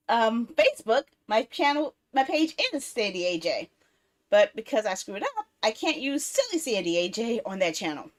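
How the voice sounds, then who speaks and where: Animated woman streamer rambling to herself. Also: a little high. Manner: rambling, talks to herself while fiddling with apps; easily exasperated, swears. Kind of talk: casual live-stream chat.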